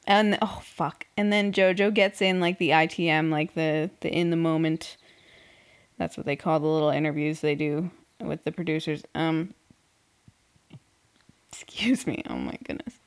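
A woman's voice: low voice, fairly even intonation, normal speed, smooth. A young woman hosting a casual podcast, sarcastically recapping a reality show with frequent swearing and laughter. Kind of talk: casual chat.

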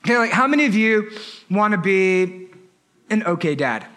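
A man preaching a sermon with humorous, lively storytelling and frequent asides. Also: high-pitched, normal speed. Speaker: pastor.

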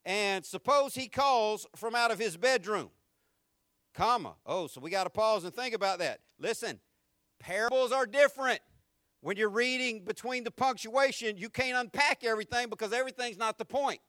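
A man with a high, bright voice preaches to his congregation in a lively, conversational style, full of slang and jokes. He often repeats a word as he gets going. The recording is dry and close, with little room sound. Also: normal speed, no room sound. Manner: repeats words when starting sentences. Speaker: pastor. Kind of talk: sermon.

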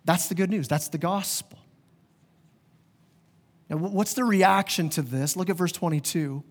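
A man preaching a sermon as pastor, animated and direct with the congregation, often stumbling and repeating words. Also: high voice, measured pace. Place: church.

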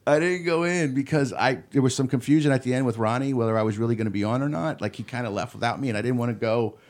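A man's voice: medium pitch, fast. A male comedian telling stories on a podcast in a studio, acting out what people said and laughing often. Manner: animated, laughing storyteller who acts out quotes. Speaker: comedian guest. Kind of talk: casual storytelling.

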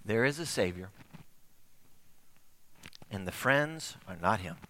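A man's voice: fairly low pitch, lively intonation, slow pace, sharp tone, long reverb tail. A man preaching a sermon, telling a story with acted-out dialogue.

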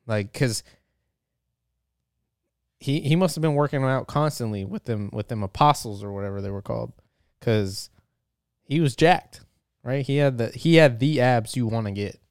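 A man's voice: medium pitch, animated, moderate pace, pauses often, a little mellow, clear, resonant tone, no echo, clean studio sound. A man talking in a casual, rambling monologue, joking and swearing often, with lots of filler words. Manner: profane, joking, full of fillers.

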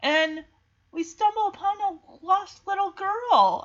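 A woman's voice: very high-pitched, slow, fairly bright tone. A woman casually retelling a movie in a chatty, emotional way with lots of fillers. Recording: dull lo-fi recording.

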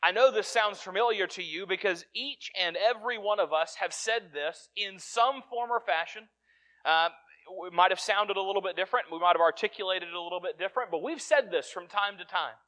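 A male preacher with a high, bright, forceful voice delivers a sermon. He speaks earnestly and conversationally, often stumbling and restarting mid-sentence as he works through his point. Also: brisk.

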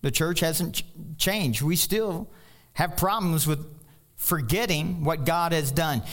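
Guy preaching, folksy and jokey, kinda high voice that climbs when he gets going. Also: slow. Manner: folksy, joking asides, voice rising on emphasis. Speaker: pastor. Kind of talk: sermon.

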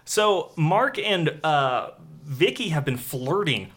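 A man's voice: fairly high pitch, animated, slow pace, fairly bright tone, slightly rough. A man hosting a podcast, recapping a horror film in loose, joking chat with many fillers. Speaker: podcast host. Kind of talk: casual film review chat.

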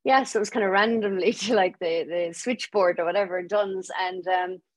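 A young adult Irish woman telling her story as a podcast guest, lively and laughing as she acts out what people said. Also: medium pitch, normal speed, dry recording. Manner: lively, laughing storyteller acting out quoted voices. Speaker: guest author. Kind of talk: storytelling interview.

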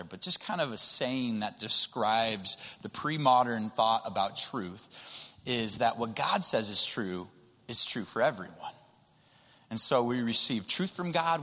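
A man's voice: mid-range voice, expressive, unhurried, bright, forceful tone. A man preaching a sermon in a conversational way, often repeating his words as he goes. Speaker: pastor. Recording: reverberant hall.

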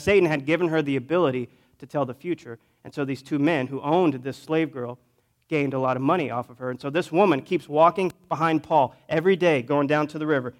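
Pastor preaching a conversational storytelling sermon. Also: male voice, on the high side. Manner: conversational, swings between loud emphasis and quiet asides.

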